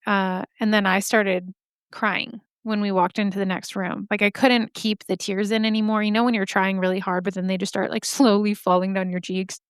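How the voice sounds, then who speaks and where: Woman podcast host, candid storyteller, smooth, clean dry close sound. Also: medium pitch, little pitch movement, normal speed, no echo. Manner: candid, chatty, swears freely. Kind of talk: casual storytelling.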